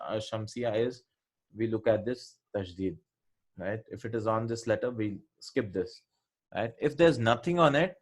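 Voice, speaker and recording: A man of middle pitch teaches a revision lesson on Arabic letters. He explains step by step in a patient classroom manner and keeps checking in with his students as he goes. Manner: explanatory, checks in with "right?" often.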